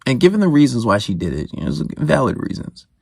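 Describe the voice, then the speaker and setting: A man's voice: mid-range voice, very animated, fast talker, creaky, a little mellow, breathy edge, dry recording, clean studio sound. A man coaching on dating in a casual, slangy monologue that repeats points. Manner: conversational, repeats himself, slangy.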